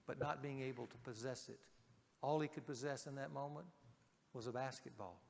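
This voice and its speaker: A man preaching a sermon to a men's group, speaking emphatically and dropping to a hush on key points. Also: medium pitch, steady tone, a little fast, creaky, long reverb tail, slight background noise.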